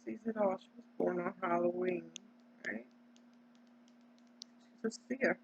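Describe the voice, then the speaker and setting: A vlogger from Delaware, in the United States, delivers an emphatic, preachy, casual monologue, capping her points with "right?" Her voice is fairly low, with fairly even intonation, an unhurried pace, and vocal fry. Slight background noise sits under dull, lo-fi audio.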